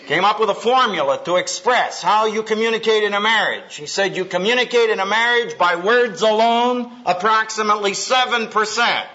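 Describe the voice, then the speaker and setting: A man preaches to a live audience in a punchy, humorous way and acts out little scenes. His voice is bright and forceful, set a bit high. The old recording is muffled, with a faint hiss. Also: normal speed, hardly any pauses. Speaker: speaker at a Christian conference. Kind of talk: sermon. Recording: dull lo-fi tape with faint hiss.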